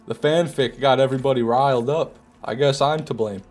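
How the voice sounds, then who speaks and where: A young man with a Michigan accent talks casually over his gameplay and answers his chat with teasing, mock-outraged banter. His pitch sits in a middle range, with faint music under his voice. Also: fairly quick, a little mellow. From Michigan, USA. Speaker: streamer reading chat. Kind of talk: casual live-stream commentary.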